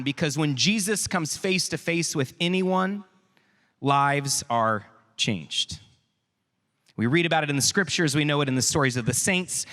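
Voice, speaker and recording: A man with a Texan accent giving an energetic youth conference talk, drawing out words and calling out to the crowd. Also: on the high side. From Texas. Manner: animated, draws out words for emphasis, calls out to the crowd. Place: large hall. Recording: long hall reverb from a big venue.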